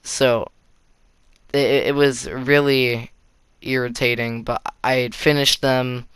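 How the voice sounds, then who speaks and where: A teenage boy rambles through a personal story, swearing freely and tripping over restarts. His voice is smooth and clean, recorded close and dry with no room sound around it. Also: mid-range voice, little pitch movement, takes it slowly, fairly bright tone, no room sound. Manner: rambling, swears often, filler-heavy with restarts. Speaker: vlogger telling a story. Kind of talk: casual storytime. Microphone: console facecam or headset mic.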